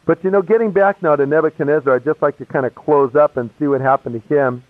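Telling his conversion story in slangy, casual terms, this preaching pastor talks fast in a slightly high voice with no room sound, though the broadcast has a tinny, phone-like quality.

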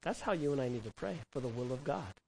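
A man preaching a sermon who asks the congregation questions and acts out prayers and quotes, swinging from loud cries to hushed words. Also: medium pitch, lively intonation, fast talker, vocal fry, slight background noise, low-quality recording. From California. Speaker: pastor.

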